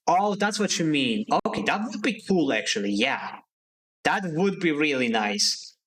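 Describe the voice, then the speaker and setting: A man's voice: on the high side, sing-song, unhurried, fairly bright tone. A man streaming a video game live, chatting casually and answering his viewers as he plays. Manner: chatty, thinks aloud, answers chat.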